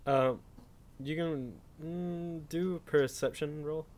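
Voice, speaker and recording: A man's voice: on the high side, fairly even intonation, takes it slowly, darkish tone. A man running a tabletop game as game master, easygoing and patiently guiding the players.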